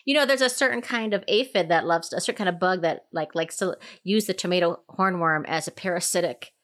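A woman's voice: on the low side, fairly quick, fairly bright tone. Chatty woman hosting a gardening podcast. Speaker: podcast host. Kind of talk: casual conversational interview.

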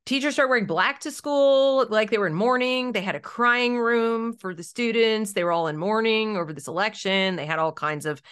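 A woman's voice: fairly high pitch, moderate pace, few pauses, smooth. A middle-aged woman, an education consultant, telling stories in an interview and acting out the voices she quotes. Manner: animated, acts out quoted voices. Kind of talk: storytelling in an interview.

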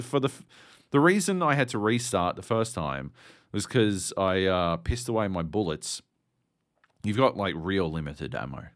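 A man's voice: fairly low pitch, dry recording, studio quality. A man co-hosting a podcast, chatting casually in a rambling, profane way with many fillers. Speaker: podcast co-host.

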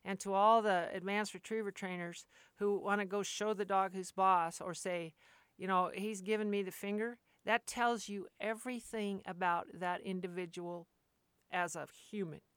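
A woman's voice: mid-range voice, fairly even intonation, normal speed, a bit bright, clear, resonant tone, dry recording. Earnest, rambling woman dog trainer. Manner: rambling, earnest, with frequent restarts. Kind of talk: casual monologue.

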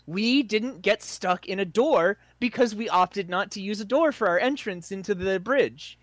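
Man, tabletop player, slow, bright voice, goofy joking banter. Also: sits high, no echo. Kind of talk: casual tabletop game chat.

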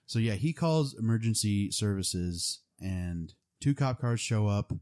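A man's voice: on the low side, animated, measured pace, a little mellow, smooth. A young man casually retelling a movie plot, rambling with lots of fillers. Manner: rambling, full of "like" and "um".

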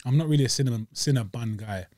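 A man's voice: medium pitch, fast talker, mellow, no echo. A man, co-hosting a podcast and joking through a casual dessert review with slang and banter. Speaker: podcast co-host. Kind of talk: casual food review chat.

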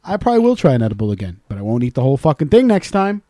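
A man co-hosting a casual podcast, telling stories with lots of swearing and loud acted-out quotes. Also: mid-range voice, sing-song, rapid-fire, no room sound, clean studio sound. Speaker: podcast co-host. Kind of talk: casual profane chat.

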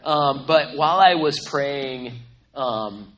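Rambling preacher in an echoey church. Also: male voice, medium pitch, slow pace. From New Mexico, USA. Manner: warm, rambling, repeats words. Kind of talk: sermon. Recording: echoey room.

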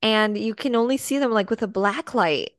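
A woman's voice: fairly high pitch, moderate pace, dry recording, clean studio sound. A woman from the American Midwest co-hosting a podcast in casual chat, squeamish and full of fillers. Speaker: podcast co-host.

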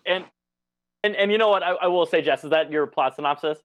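A man's voice: on the high side, quick pace, fairly bright tone. A man co-hosting a podcast in a casual, joking way, often stammering on restarts. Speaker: podcast co-host. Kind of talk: casual film chat.

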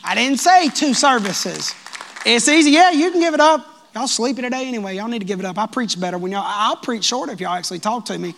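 A man preaching a sermon as pastor of his church, lively and joking with the congregation. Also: extremely high pitch, fast talker, vocal fry, a faint crowd, a little hiss or hum. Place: church sanctuary.

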